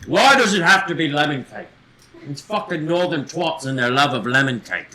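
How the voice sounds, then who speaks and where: A man's voice: a little high, big pitch swings, normal speed, bright, forceful tone. Theatrical, swearing man hosting a mock feast. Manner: theatrical, crude and swearing, calls people love and mate. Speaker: livestream host playing a wedding host. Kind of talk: improvised role-play on a livestream.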